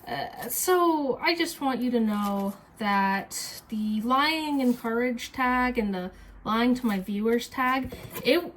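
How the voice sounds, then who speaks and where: A woman vlogger chatting casually while she cooks in a kitchen, rambling, mocking herself and swearing freely. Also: fairly high pitch. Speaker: streamer and cooking vlogger. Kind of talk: casual cooking vlog chat. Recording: noisy kitchen with chopping sounds.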